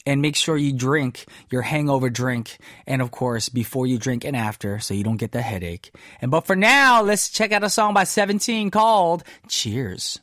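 A man's voice: moderate pace, hardly any pauses. A man hosting a pop music radio show, reading entertainment news in upbeat patter with playful asides. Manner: animated, playful asides, swoops high on exclamations. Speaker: radio DJ host.

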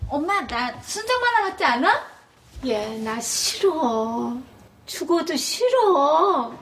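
A petulant young adult daughter in a TV drama, talking fast in a high voice. She shoots back her refusals quickly. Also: big pitch swings, a bit bright, full character voice. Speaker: drama character. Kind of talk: TV drama acting.

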